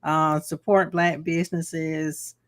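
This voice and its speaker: A woman's voice: low voice, level tone, takes it slowly, dry recording, studio quality. A woman from Atlanta with a Southern Georgia accent, co-hosting a podcast in laid-back casual chat and laughing often. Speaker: podcast co-host.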